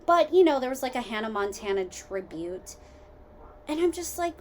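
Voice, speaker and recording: A woman's voice: sits high, normal speed, slight background noise. Rambling woman podcast host at home. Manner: rambling, tangent-hopping, filler-heavy; animated, swings between loud asides and quiet mutters. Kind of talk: casual solo podcast chat.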